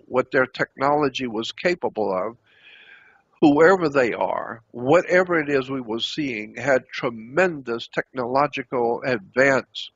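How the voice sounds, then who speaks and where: A man host recounting a personal anecdote in a dramatic, repetitive way, halting often as he searches for words. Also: mid-range voice, fairly bright tone, slightly rough, no room sound. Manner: dramatic, repetitive storytelling with frequent halts. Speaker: channel host. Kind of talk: personal anecdote, told aloud. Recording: dull lo-fi recording.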